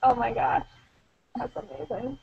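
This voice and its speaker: A young woman co-hosting a casual gaming podcast, giggly and animated. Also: fairly high pitch, measured pace, gravelly, slightly rough, dry recording, dull audio. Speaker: podcast co-host. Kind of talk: casual chat.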